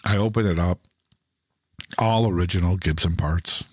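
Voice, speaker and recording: A man's voice: sits low, moderate pace, no room sound, studio quality. A middle-aged man chatting casually on a podcast, telling a rambling story and acting out both sides of the conversations. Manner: loose, rambling delivery with many restarts. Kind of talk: casual podcast chat about guitars.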